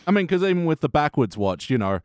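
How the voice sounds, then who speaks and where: A man co-hosting a podcast in casual chat, laughing easily and tossing out quick wisecracks. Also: a little high, sing-song, no room sound, clean studio sound. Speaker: podcast co-host.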